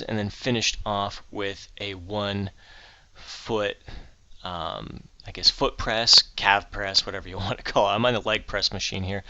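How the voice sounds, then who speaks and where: A man's voice: on the low side, bright, forceful tone, clear, resonant tone, no echo, highs cut off. A middle-aged man vlogging his day and explaining exercises in a casual, upbeat way, with frequent fillers. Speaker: fitness vlogger. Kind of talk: casual vlog and exercise instruction. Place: home office, then a gym.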